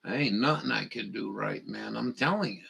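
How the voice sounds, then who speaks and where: A man's voice: on the low side, moderate pace, gravelly, sharp tone, breathy edge. A man grumbling and swearing as he rambles through a live stream, muttering to himself as he reads.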